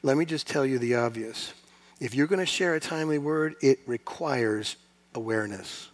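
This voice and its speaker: A man preaching a sermon to his congregation, asking rhetorical questions and building to loud, emphatic peaks. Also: mid-range voice, normal speed. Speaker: pastor.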